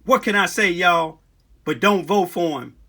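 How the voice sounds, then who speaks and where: A man talks straight to his viewers in a live video, urgent and repetitive. His voice sits high and rings bright. He keeps calling them y'all as he piles up complaints. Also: unhurried. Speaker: local political commentator.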